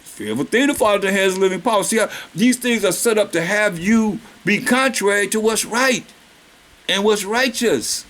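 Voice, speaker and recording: High-voiced man preaching slowly. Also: fairly bright tone. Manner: reads verses slowly, then preaches in casual vernacular; questioning, drawn-out emphasis on key words. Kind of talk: sermon with scripture reading.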